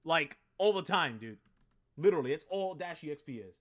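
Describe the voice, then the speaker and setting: Excitable young man rambling on a live stream. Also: on the high side, brisk. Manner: excitable, rambling, swears freely. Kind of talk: casual live-stream chat.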